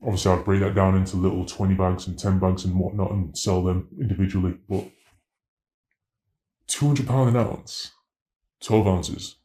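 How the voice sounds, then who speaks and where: A man, telling his story in an interview in a slangy, animated way and acting out dialogue. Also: on the low side, echoey room. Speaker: interviewee, former drug dealer.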